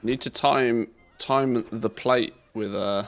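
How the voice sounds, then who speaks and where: A man with a mid-pitched voice chats and jokes while streaming a game, swearing casually and rambling between moves. Faint music plays under his voice. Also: steady tone, slow pace. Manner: joking, swearing, loose chatter while playing. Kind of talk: casual live-stream commentary.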